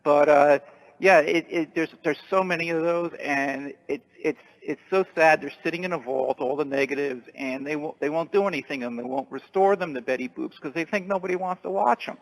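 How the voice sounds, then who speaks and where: A man calling in to a radio show, chatting in a halting, repetitive way. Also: a little high, rough recording. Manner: halting, repeats words, chatty. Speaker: caller. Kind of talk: casual call-in chat.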